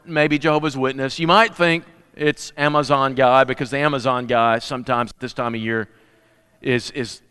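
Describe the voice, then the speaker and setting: A man's voice: on the high side, pushed and bright, clear, resonant tone. A man preaching a casual, joking sermon with announcements, full of folksy asides and restarts, recorded in a church sanctuary. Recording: church hall reverb.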